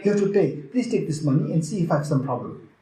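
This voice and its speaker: A man's voice: fairly high pitch, quick pace. A man with a Tibetan accent giving a Buddhist teaching at a retreat, questioning the audience and acting out what other people might say. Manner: lively, questions the audience, acts out quoted voices. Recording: echoey room.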